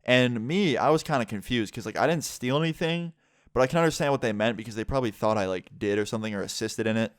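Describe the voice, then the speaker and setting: A man's voice: mid-range voice, fast, clean tone, no room sound, studio quality. A man telling a personal story in a casual storytime vlog. He talks candidly, swears freely, fills his speech with "like" and acts out the other people in the story. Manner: animated retelling, voices the other people in the story.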